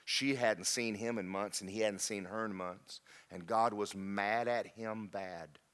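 A man preaching a sermon in a church, telling stories and swinging from loud emphatic peaks to low quiet lines. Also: fairly even intonation, unhurried, clean tone. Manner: storytelling, rising to emphatic peaks then dropping low.

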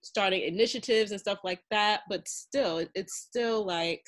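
A woman's voice: mid-range voice, normal speed. A woman hosting a podcast who asks long, searching interview questions full of fillers. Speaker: podcast host. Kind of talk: casual interview.

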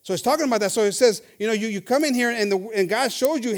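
A man preaching a bilingual sermon, reading scripture slowly and acting out the voices of his listeners. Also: extremely high pitch. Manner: switches between Spanish and English, reads scripture slowly; acts out congregants' voices, animated. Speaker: pastor.

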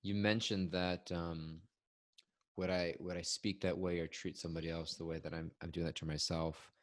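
A man asking quiet, thoughtful questions in conversation. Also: low-pitched, flat delivery, normal speed.

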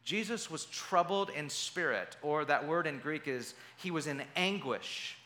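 A man delivers a sermon in a bright, ringing voice pitched a little high for a man. He tells the story in an animated way and slips into the voices of the people he describes. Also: unhurried. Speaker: pastor.

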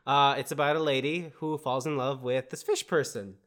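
A man's voice: mid-range voice, fairly even intonation, normal speed, a bit bright. A man co-hosting a casual movie podcast, wry and chatty. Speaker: podcast co-host. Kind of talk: casual movie review chat.

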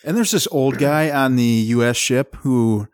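A man's voice: medium pitch, unhurried, smooth, no room sound. A man co-hosting a podcast, chatting casually about a film in a laid-back way. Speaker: podcast co-host. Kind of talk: casual chat recapping a film.

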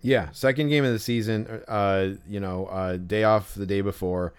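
A man's voice: lowish voice, steady tone, moderate pace, clear, resonant tone. A man co-hosting a podcast in casual chat, rambling with lots of fillers and restarts. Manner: acts out exasperated yelling when quoting himself. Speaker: podcast co-host.

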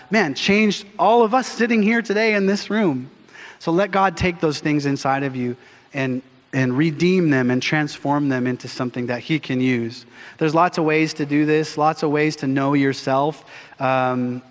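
A middle-aged pastor preaching from the pulpit in a big church, his fairly high voice ringing out with a long hall echo. He tells stories with animated energy, slipping into acted voices along the way. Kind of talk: sermon. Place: church sanctuary.

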